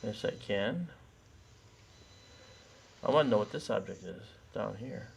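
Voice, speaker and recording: A man hosting a live telescope stream in casual chat, very tired, talking in a relaxed way with many fillers. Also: on the low side, unhurried, creaky, slight background noise. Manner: relaxed, thinks aloud with fillers. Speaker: livestream host running a telescope.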